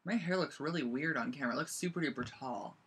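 Bright, chatty teenage craft instructor. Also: medium pitch, quick pace, slightly rough. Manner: rambling and chatty, heavy use of "like". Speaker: scrapbooking instructor. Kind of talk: live-streamed craft demo, casual chat. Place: bedroom at home.

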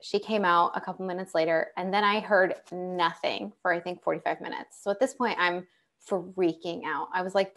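Woman telling her own story, low-pitched. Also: normal speed. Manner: animated storyteller with many fillers and restarts. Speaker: panel guest sharing personal story. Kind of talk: conversational personal account.

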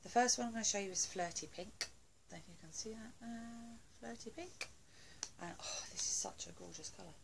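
A woman's voice: mid-range voice, a little fast, creaky, very noisy. A woman doing a casual beauty haul video at home, chatty and gushing, with lots of fillers and asides. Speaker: beauty vlogger.

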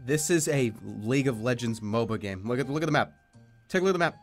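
A man streaming a video game, reacting loudly, swearing and laughing at what happens on screen. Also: medium pitch, lively intonation, fast talker, soft background music. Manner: loud, exasperated, swearing and laughing. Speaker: streamer playing video games. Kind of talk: gaming commentary.

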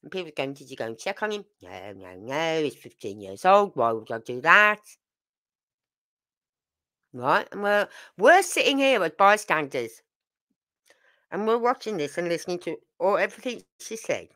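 A woman's voice: on the low side, very animated, normal speed, pauses often, fairly bright tone. An older woman, hosting a true crime channel and giving casual, emphatic commentary full of rhetorical questions.

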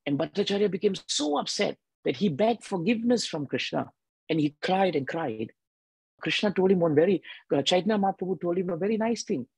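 A man giving a devotional sermon with a husky voice, emphatic and repeating key phrases. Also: high voice, expressive, brisk, a little mellow, dry recording, rough recording. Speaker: devotional speaker.

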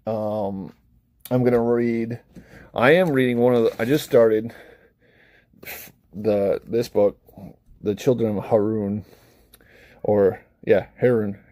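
A man rambles casually to camera in a mellow, warm voice, swearing freely and laughing often between thoughts. The sound is dry and close, with no room around it. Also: lowish voice, fairly even intonation, takes it slowly, pauses often, dry recording. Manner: rambling and profane, with frequent laughs and acted-out asides. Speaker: vlogger reviewing books and films; parent of a young child. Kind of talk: casual unscripted chat to camera.

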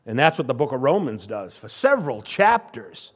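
A man's voice: medium pitch, sing-song, moderate pace. An older male pastor giving a sermon, stressing and repeating key phrases. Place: church sanctuary.

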